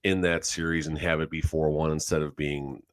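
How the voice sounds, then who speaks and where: Super deep voiced guy rambling thru hockey stats, fixes himself a lot, dry close sound. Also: level tone, brisk, no echo. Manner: rambling, self-correcting. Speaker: podcast co-host. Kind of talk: casual sports chat.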